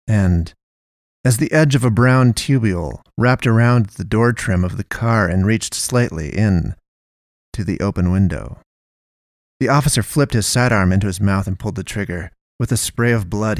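Male narrator, lowish voice, measured storytelling, dry close mic. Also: dry recording. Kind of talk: audiobook-style story narration.

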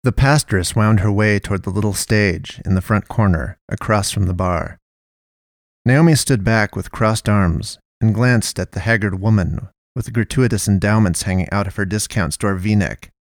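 Male narrator, lowish voice, measured storytelling, dry close mic. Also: dry recording. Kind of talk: audiobook-style story narration.

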